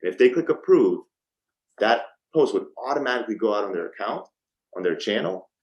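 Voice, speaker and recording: A man's voice: lowish voice, fairly quick, highs cut off. A man in his thirties, a podcast guest, telling a story in a casual interview and acting out the back-and-forth of phone calls, with frequent ums and restarts. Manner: lively storyteller who acts out quoted phone calls. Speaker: podcast guest, startup co-founder.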